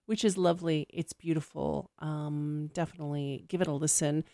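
A woman's voice: low voice, fairly even intonation, normal speed, dark tone, no echo, clean studio sound. A woman hosting a casual radio music show, chatting between tracks with fillers and self-corrections.

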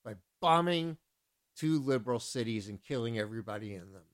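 A man's voice: lowish voice, quick pace, a little mellow. A man working as a radio DJ, announcing songs and then ranting indignantly, with a lot of repetition. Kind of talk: casual radio DJ talk.

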